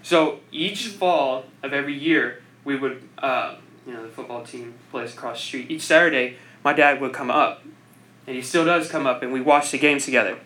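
A man's voice: medium pitch, normal speed, pushed and bright, low-quality recording. A young man giving an informal speech to a group. He rambles, fills his sentences with "like," and laughs at his own jokes. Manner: rambling, self-deprecating, laughs often; heavy use of "like" filler.

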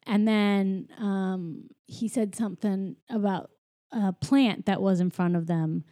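A woman's voice: medium pitch, steady tone, slow, mellow, no room sound, clean studio sound. A woman recapping a movie in a casual chat, full of "like" and "you know", often giggling.

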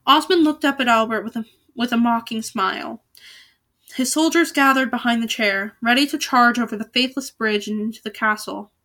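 A woman's voice: on the high side, steady tone, a little fast, sharp tone. A woman reading a novel aloud in a casual way, with small slips and restarts. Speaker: reader.

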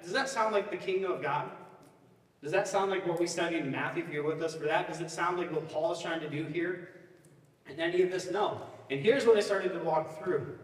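A middle-aged man, a pastor, preaching a sermon full of personal stories, casual and joking, often checking in with the crowd. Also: a little high. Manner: casual, joking, often asks the crowd "you know what I mean?". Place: church sanctuary. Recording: echoey church hall, mic at a distance.

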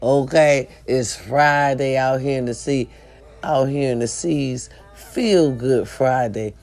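A woman's voice: a bass voice, slow, darkish tone, faint music behind. A woman talking casually and earnestly to her viewers, preaching and often checking that they understand her. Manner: chatty and preachy, often asks "you understand me?". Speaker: vlogger. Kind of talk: casual motivational talk to camera.

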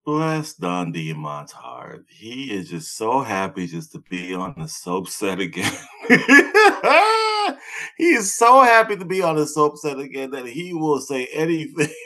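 Man, podcast co-host, casual chat, blunt, profane, sarcastic asides, mid-pitched voice. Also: wildly swooping pitch, a little slow, pushed and bright.

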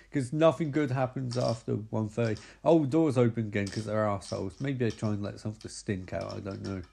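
A man's voice: on the low side, fairly even intonation, fairly quick, creaky, hardly any pauses, mellow, husky. A man giving a sarcastic, sweary comic recap of a film. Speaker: movie recapper.

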